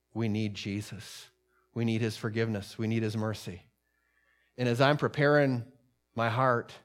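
Man preaching with rising fervor. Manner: preaching with swelling emphasis, dropping low for solemn points. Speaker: pastor. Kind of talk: sermon.

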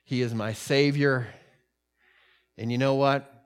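A man preaching a sermon at a middle pitch. He builds up to fervent, louder peaks and then sinks to quiet, weighty lines. His delivery moves between a conversational tone and declarations. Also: steady tone, slow, smooth. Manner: preaching with swelling emphasis, dropping low for solemn points. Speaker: pastor.

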